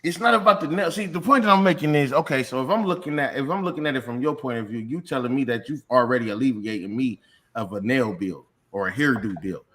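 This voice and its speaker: A man's voice: mid-range voice, fast, a bit bright. A man co-hosting a talk show, arguing heatedly in casual chat, swearing often and building long emphatic points. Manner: profane, emphatic, argues in long build-ups. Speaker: podcast co-host.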